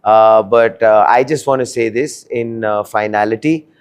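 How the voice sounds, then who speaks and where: A man hosting an interview show, asking drawn-out questions full of fillers and closing the episode. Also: fairly low pitch, steady tone, clean tone. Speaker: show host.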